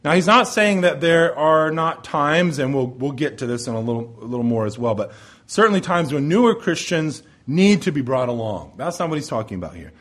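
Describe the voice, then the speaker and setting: A man preaching a sermon as pastor, reading scripture and then teaching in an earnest, measured way. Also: on the high side, lively intonation, a bit bright.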